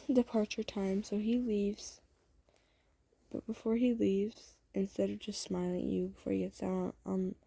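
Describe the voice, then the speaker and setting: A woman hosting her own channel, telling a casual second-person story in a loose, rambling way full of fillers and self-corrections. Her voice is very dark and mellow, with a husky, breathy grain. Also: mid-range voice.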